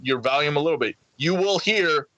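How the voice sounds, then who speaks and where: Excitable man telling a story. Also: fairly high pitch, a little fast, no echo, lo-fi sound. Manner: excitable storyteller, acts out crowd voices. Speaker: podcast co-host. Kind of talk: casual chat.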